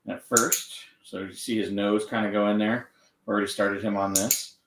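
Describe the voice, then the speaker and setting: A man training a dog on camera, gently encouraging it and explaining each step. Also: on the low side, level tone, moderate pace, distant mic. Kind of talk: live training demonstration with explanation. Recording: echoey room, off-mic, faint noise.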